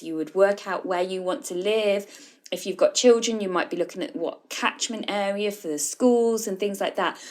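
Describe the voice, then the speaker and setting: A woman hosting a solo podcast, explaining in a conversational way and addressing the listener directly. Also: medium pitch. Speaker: podcast host, food coach.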